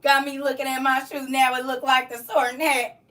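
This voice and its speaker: A middle-aged woman runs a casual livestream from home, reading chat, playfully teasing viewers and laughing a lot. Her high voice comes out flat, brisk, pushed and bright. She sits far from the mic.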